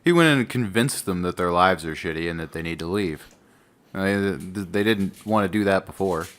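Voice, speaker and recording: A man with a low voice and a bright, forward edge co-hosts a talk podcast. He explains things at length in casual chat, often pausing on fillers. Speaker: podcast co-host.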